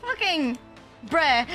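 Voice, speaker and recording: A young woman streamer from the Philippines, rambling through a story in casual chat, swearing often and saying "like" a lot. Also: high-pitched. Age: young adult.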